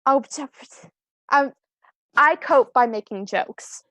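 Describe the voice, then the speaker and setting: A woman's voice: sits high, takes it slowly, pushed and bright, no echo, clean studio sound. A young woman on a video call, chatting casually as a screenwriter guest, rambling and self-deprecating with many ums and restarts. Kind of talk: casual live-stream interview.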